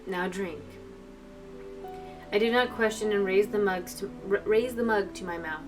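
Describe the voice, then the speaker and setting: Speaking fairly quickly at a medium pitch, a woman reads a visual novel to her stream audience and drifts into emotional, talkative asides. Faint music sits behind her, and the microphone is far away.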